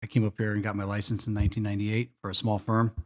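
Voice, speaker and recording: A man's voice: lowish voice, level tone, racing. A middle-aged man, a commercial real estate broker, chatting casually in a podcast interview, rambling with many fillers and restarts. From Chicago area.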